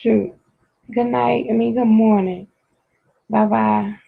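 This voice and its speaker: A livestream host with a raspy voice, chatting casually with viewers and playfully scolding them over and over. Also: medium pitch, little pitch movement, slow pace. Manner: playful mock-scolding, repetitive. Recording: tinny phone-like audio.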